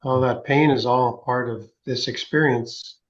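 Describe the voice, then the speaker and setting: A man hosting a video call, responding gently and encouragingly to a guest. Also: medium pitch, fairly even intonation, a little slow. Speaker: host. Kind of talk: casual video call chat. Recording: dull lo-fi video call audio.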